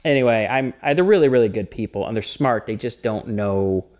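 Guy cohosting a podcast, rambly and lively, keeps cracking up. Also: medium pitch, brisk. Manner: animated, laughs often, rambling restarts. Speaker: podcast co-host. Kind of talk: casual chat.

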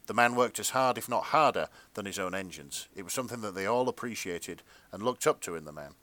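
A man's voice: fairly low pitch, lively intonation, brisk, fairly bright tone, dry recording. A man, a podcast host, narrating a fanfic aloud with wry asides.

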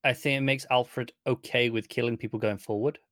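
A man co-hosting a podcast, talking in a measured, thoughtful and agreeable way during casual chat. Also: mid-range voice, fairly even intonation, a bit bright, no room sound, studio quality. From United Kingdom. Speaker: podcast co-host.

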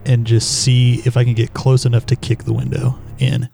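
A man's voice: mid-range voice, completely flat delivery, moderate pace, gravelly, warm tone, a little hiss or hum. Hesitant man playing a tabletop game. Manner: hesitant, lots of fillers. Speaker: player. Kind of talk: casual game table chat.

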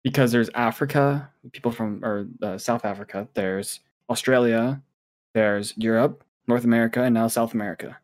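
A man's voice: mid-range voice, steady tone, normal speed, a little mellow. A man chatting casually in a group podcast, rambling and repeating words as he thinks.

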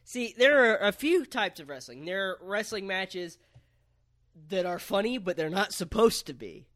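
A man with a high, bright voice that leaps all over the place. He recaps events in casual, profane play-by-play, cracking jokes as he goes. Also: expressive, moderate pace. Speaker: podcast co-host. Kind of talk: casual chat recapping a match.

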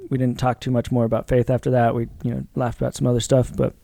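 A man's voice: mid-range voice, completely flat delivery, quick pace, gravelly, dark tone, dry recording, clean studio sound. A man, a Catholic priest, co-hosting a podcast, telling a story in earnest, reflective casual talk with frequent fillers.

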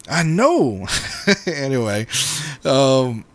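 Male podcast co-host, casual storyteller, heavy swearing, mid pitch, dry sound. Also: a little slow, dry recording. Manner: profane, animated, acts out quotes.

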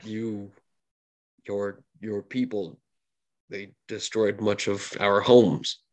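A man voicing a shaken male hero who lost his home, stammering and halting in a tabletop game. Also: fairly low pitch, flat delivery.

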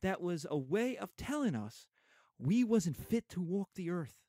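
A man reading the part of a dignified older Black mother in a solemn, measured voice. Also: high voice, sing-song, warm tone, dry recording, studio quality, full character voice.

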